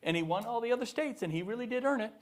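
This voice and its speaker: Middle-aged man, former politician addressing a student audience, emphatic and animated, higher-pitched voice, lots of restarts. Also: very fast. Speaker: former governor giving a talk. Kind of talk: public speech to students. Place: university event hall.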